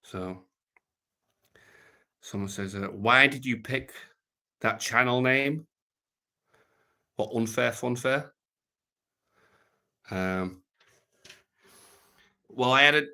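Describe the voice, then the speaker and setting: A man's voice: lowish voice, bright, forceful tone. A British man hosting a casual livestream, answering viewer comments in a rambling, crude, joking way. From Britain. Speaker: livestream host reading chat. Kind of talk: casual unscripted livestream chat.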